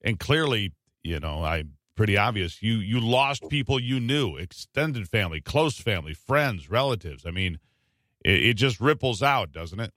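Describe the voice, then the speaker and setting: A man hosting an interview, asking questions in a measured, thoughtful way with some fillers. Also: on the low side, lively intonation, a bit bright, dry recording. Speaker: interview host. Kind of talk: conversational interviewing.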